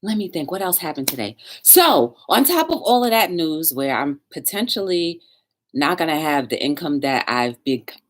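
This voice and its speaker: A woman's voice: low voice, moderate pace. A woman hosting a talk show, telling a story in a casual livestream chat and talking straight to her viewers. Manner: chatty, animated, talks straight to viewers.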